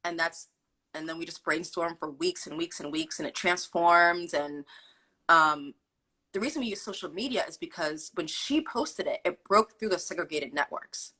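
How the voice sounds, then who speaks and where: A young adult woman telling a personal story in an interview, animated and quoting people as she goes. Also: lowish voice, normal speed, slightly rough, rough recording. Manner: animated, acts out quotes with fillers like "like". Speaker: guest telling her story. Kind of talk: candid storytelling.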